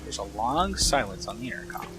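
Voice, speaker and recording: A man hosting a let's play, reading the game's text aloud in a plain, steady way. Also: medium pitch, fairly quick, over music, low-quality recording.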